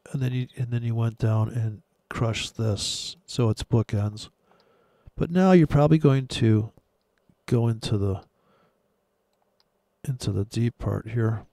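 A man's voice: mid-range voice, creaky, dark tone, no echo, studio quality. A man giving crude, sarcastic commentary while trading live charts. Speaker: forex trader.

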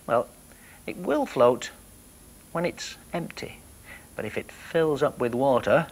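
A man presenting a children's television programme, talking gently and playfully to young viewers as he floats toy boats. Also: a little high, expressive, slow pace, vocal fry, long pauses, rough recording.

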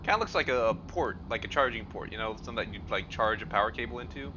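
A young man giving casual, excitable gameplay commentary, swearing and yelping in panic as he plays. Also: mid-range voice, fast, noisy background. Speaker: gameplay streamer. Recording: dull lo-fi audio with game music. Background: game music.

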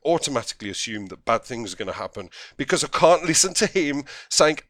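A man's voice: medium pitch, expressive, fast talker, hardly any pauses, fairly bright tone, dry recording. A man giving casual, mocking commentary as a gaming video host. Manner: mocking, chatty. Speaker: gaming YouTuber.

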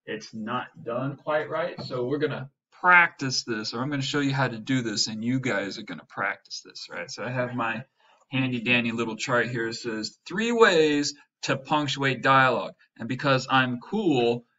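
Guy teaching a class, bright voice, upbeat and jokey, says right? constantly, kinda muffled lo-fi audio. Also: medium pitch, moderate pace. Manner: tags sentences with "right?". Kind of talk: classroom grammar lesson. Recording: dull lo-fi recording.

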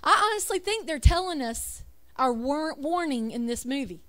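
Woman, high voice, emphatic religious talk, rhetorical questions, reads off slides. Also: expressive, normal speed, a bit bright. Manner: reads lists aloud, self-correcting. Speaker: religious speaker. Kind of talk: preaching over slides.

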